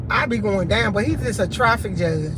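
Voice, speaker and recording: A woman's voice: mid-range voice, animated, measured pace. Chatty fired-up woman in aave, live stream outside, traffic noise behind her. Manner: indignant, chatty storytelling. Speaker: vlogger. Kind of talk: casual live-stream chat.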